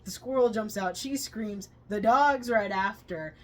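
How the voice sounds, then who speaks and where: A woman co-hosting a movie review channel, retelling scenes with loud excited quotes. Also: medium pitch, unhurried, a little hiss or hum. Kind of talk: casual movie review chat.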